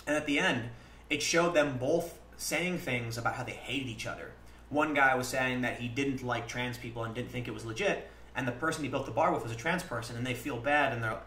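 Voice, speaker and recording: A man's voice: mid-range voice, bright, forceful tone. A man hosting a livestream, talking earnestly in casual commentary and acting out back-and-forth exchanges. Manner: earnest, conversational, acts out quoted exchanges. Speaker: livestream host. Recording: roomy echo with faint background noise.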